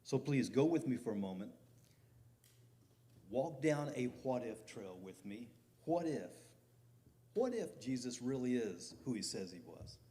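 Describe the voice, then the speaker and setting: A man's voice: medium pitch, sing-song, moderate pace, dark tone. A middle-aged man preaching a conversational sermon as pastor, building to emphatic peaks.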